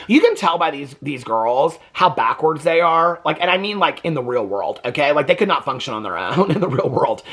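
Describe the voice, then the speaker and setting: A man hosting a reaction video, chatting in a gossipy, animated way and laughing often. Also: a little high, fairly quick, hardly any pauses, breathy edge. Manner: animated and gossipy, keeps asking "okay?"; laughs often while talking. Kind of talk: casual reality-TV reaction commentary.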